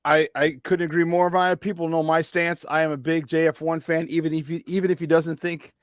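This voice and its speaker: A sports talk co-host with a Chicago accent and a high voice tells a story in a lively, rambling way. He restarts his sentences often and acts out what others said. His voice is close and dry, with no room around it. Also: brisk, no room sound. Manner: animated storyteller, many restarts and acted quotes.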